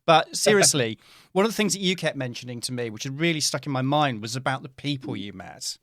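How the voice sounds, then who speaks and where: A man's voice: mid-range voice, lively intonation, brisk, a bit bright, dry recording, clean studio sound. A man hosting an interview in a casual, teasing, jokey way. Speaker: interviewer, host.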